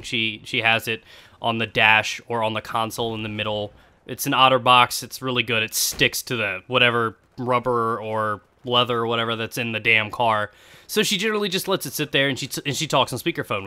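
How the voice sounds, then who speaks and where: A man's voice: mid-range voice, sharp tone, clean tone. A man, a gaming video creator, casually telling a rambling personal story to his viewers, swearing freely. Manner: speaks to viewers directly. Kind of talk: casual storytelling over gameplay.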